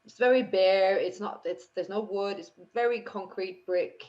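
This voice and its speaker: A woman runs a tabletop game and paints each scene in detail. She stops and restarts often and fills gaps with small fillers. Her voice sits at a middle pitch, and the recording sounds dull and lo-fi. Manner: descriptive, halting with fillers. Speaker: game master.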